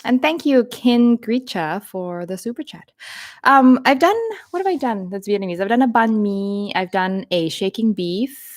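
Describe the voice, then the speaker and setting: Woman, Thai-born, North American accent, lively storytelling, live Q&A host. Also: mid-range voice, moderate pace. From Thailand. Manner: chatty, laughing, lively storytelling. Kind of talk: live Q&A chat.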